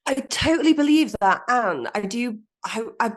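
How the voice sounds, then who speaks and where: A woman's voice: on the high side, animated, moderate pace. A woman, a business coach guest telling her own story frankly, swearing casually and laughing at herself. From Manchester, England. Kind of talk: candid personal storytelling.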